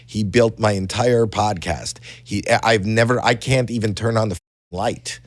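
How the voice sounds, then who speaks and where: Middle-aged man, podcast guest, lowish voice, animated rambling stories full of restarts, dry close studio sound. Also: normal speed, no room sound. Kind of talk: casual storytelling chat.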